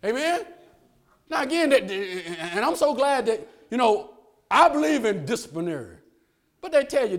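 A man preaches in a high, lively voice that swoops up into shouts. He keeps a folksy, joking tone with call-and-response asks to the congregation. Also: normal speed. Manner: folksy, joking asides with laughter. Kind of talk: sermon.

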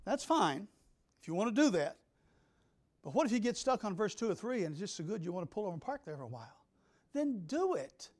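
A pastor preaching an emphatic sermon, swinging between loud declarations and hushed asides. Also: male voice, sits high, very animated, fast talker.

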